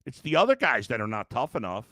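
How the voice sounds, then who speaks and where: A man's voice: mid-range voice, big pitch swings, fast talker, pushed and bright, no room sound, clean studio sound. A man hosting a live sports podcast, worn out and frustrated, talking bluntly with some swearing while reading fan comments. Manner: exasperated, blunt, profane, reads fan comments aloud. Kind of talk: live-streamed sports reaction.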